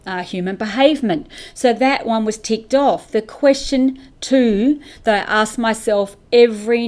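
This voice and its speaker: A woman's voice: a little high, darkish tone. A middle-aged woman hosting a motivational business podcast, talking straight to camera with emphatic rhetorical questions. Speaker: podcast host and business coach. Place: indoors, facing camera.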